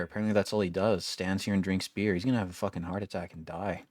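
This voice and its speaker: A man's voice: deep voice, fairly even intonation, quick pace, hardly any pauses, a little mellow, dry recording. A young man giving casual gameplay commentary, wry and complaining, swearing freely as he plays. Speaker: gaming video creator.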